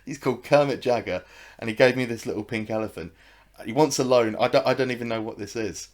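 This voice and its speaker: A man's voice: mid-range voice, fast talker, natural voice. A man voicing a hesitant, puzzled female bank teller in a jokey podcast story. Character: flustered woman bank teller.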